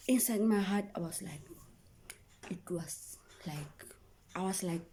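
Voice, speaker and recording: A woman's voice: fairly low pitch, slow, warm tone, a little hiss or hum. A young woman telling an emotional story to her viewers, often dropping into a whisper and repeating herself. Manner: repetitive, keeps addressing viewers. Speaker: vlogger.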